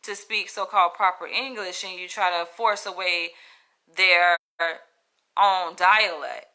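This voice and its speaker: A woman's voice: lowish voice, steady tone, measured pace, sharp tone. A woman with a Southern US accent telling a story in a casual, chatty monologue, stressing her points and often checking in with "right?" and "you know?". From Southern United States.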